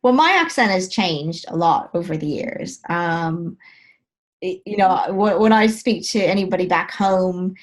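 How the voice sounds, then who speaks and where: A woman's voice: on the low side, lively intonation, measured pace. A woman from the United States, hosting a casual panel chat in a chatty, self-deprecating way with many fillers.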